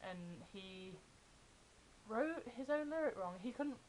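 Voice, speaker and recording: A young adult woman, excitedly telling fan stories in a casual vlog. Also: on the high side, takes it slowly, a little hiss or hum, low-quality recording. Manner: chatty, excited retelling of fan anecdotes. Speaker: vlogger.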